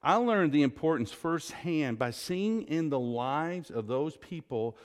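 Slow-speaking pastor in a reverberant hall. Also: male voice, on the high side, animated. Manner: storytelling, emphatic, drawn-out stresses; Southern "y'all". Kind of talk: sermon.

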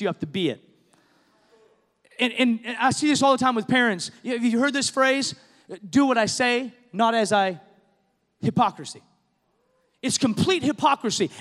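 High, animated preaching man, hall reverb. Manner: impassioned preaching, rising to shouts and dropping low. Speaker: pastor. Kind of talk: sermon. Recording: long reverb, faint music behind.

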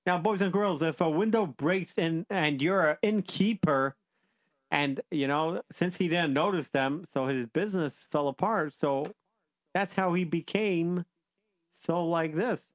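Playful guy telling kids a story, keeps wandering off, voice a bit high, dry sound. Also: unhurried, no room sound. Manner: rambling, self-interrupting, playful. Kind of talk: storytelling for children with banter.

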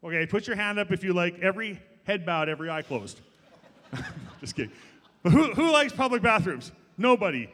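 A middle-aged man preaching a sermon as pastor, jokey and lively, talking straight to the congregation. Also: a little high. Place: church. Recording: long church hall reverb.

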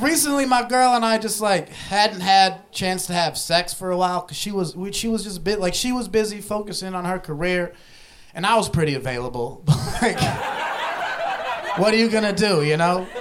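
A young man from Ohio does a stand-up set in a live club, talking loosely and conversationally, laughing as he goes amid audience laughter. His voice is high, at a moderate pace with frequent pauses, and crowd noise is audible.

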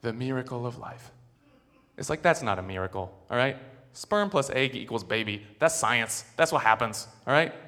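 A man's voice: medium pitch, expressive, normal speed, sharp tone. A man in his twenties performing a rambling, self-mocking stand-up set on a theater stage before a live audience. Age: 20s. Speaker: stand-up comedian. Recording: stage mic in a reverberant theater with crowd.

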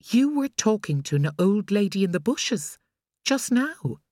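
A woman's voice: medium pitch, sing-song, a little slow, mellow, no echo, clean studio sound, pitched above the performer's own voice. A woman voicing a worried young mother in an audiobook. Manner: firm, worried.

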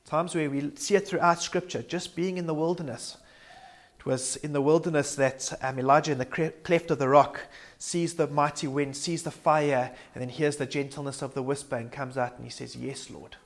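A man's voice: a little high, steady tone, normal speed. A man preaching a sermon in an earnest, reflective way, sometimes restarting words mid-sentence.

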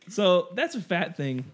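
A young man hosting a podcast, telling self-mocking stories in casual chat and laughing often. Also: fairly high pitch. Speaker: podcast host.

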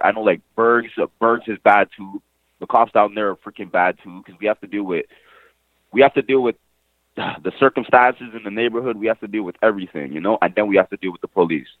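Speaking fast in a fairly low voice, this young Montreal man recounts his own experience as an interviewee and nephew of the deceased. His delivery is laid-back yet forceful, loaded with slang, repetition and curse words. The recording is dry, with a thin phone-line quality.

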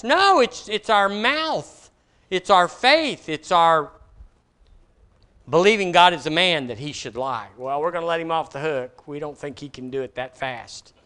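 A man preaching a sermon in a bright, forceful voice pitched a little high. He swings between ringing declarations and hushed, quiet asides. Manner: emphatic preaching, rising and dropping to soft asides. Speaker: pastor.

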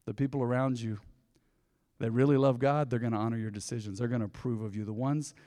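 A man's voice: mid-range voice, fairly even intonation, fast talker, warm tone. A male pastor preaching a sermon in a conversational way, often asking the congregation questions. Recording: long reverb of a large hall.

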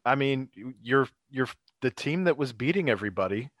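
A man talking casual sports chat, excitable and full of fillers, laughing often between thoughts. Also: medium pitch, a little fast, dry recording.

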